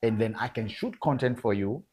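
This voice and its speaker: A man's voice: medium pitch, moderate pace, a little mellow, slightly rough. A man speaking as a guest photographer in a casual interview, emphatic and repetitive, calling the listener bro. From Kenya. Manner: emphatic, repeats words, addresses listener as bro.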